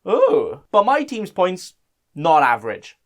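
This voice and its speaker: A man's voice: sits high, huge pitch swings, slow pace, a bit bright. A young man hosting a fantasy football vlog, sarcastic and self-mocking, often arguing back at himself. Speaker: fantasy football channel host. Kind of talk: casual vlog commentary.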